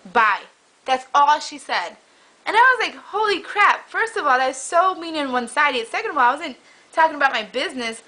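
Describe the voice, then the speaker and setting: A young woman talks straight to her camera in a loose, rambling way, piling one story onto the next. Her voice sits a little high and sounds bright and clear. It feels like an unscripted home vlog. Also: animated, fairly quick, rough recording. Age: young adult. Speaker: vlogger. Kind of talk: casual chat.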